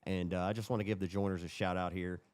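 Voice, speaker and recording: A young man co-hosting a racing podcast, telling stories in an excitable, swearing, casual chat. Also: low-pitched, fast talker, clear, resonant tone, no room sound. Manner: excitable storyteller, drawls and swears. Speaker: podcast co-host.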